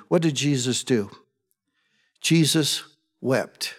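A man preaching a sermon as pastor, emphatic, swinging between loud urgency and hushed intensity. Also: fairly high pitch. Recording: long hall reverb.

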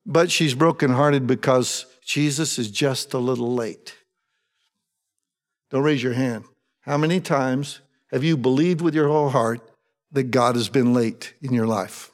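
A man's voice: a little high, moderate pace, in a large hall. A man preaching a conversational sermon, asking his congregation rhetorical questions with a wry sense of humor. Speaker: pastor.

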